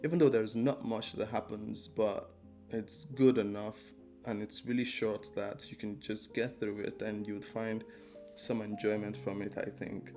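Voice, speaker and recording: Rambling low-voiced man reviewing a book. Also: little pitch movement, a little slow, a little mellow, soft background music. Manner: rambling, hesitant, many ums and restarts. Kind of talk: casual spoken book review.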